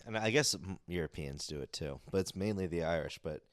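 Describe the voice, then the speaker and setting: Very deep-voiced joking man. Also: fairly quick, dry recording, studio quality. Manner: joking, laughing along, chiming in. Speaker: podcast co-host. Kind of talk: casual chat.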